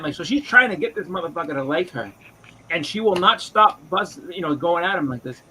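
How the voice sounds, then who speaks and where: Podcast co-host, man, high bright voice, animated and crude storyteller, faint room noise. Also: fairly quick, rough recording. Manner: animated, profane storytelling with impressions. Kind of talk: casual chat.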